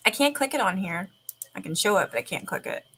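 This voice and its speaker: Bright-voiced woman, casual chat. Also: medium pitch, sing-song, fast, husky. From Canada. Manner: swears freely, laughs often, rambling. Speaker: streamer.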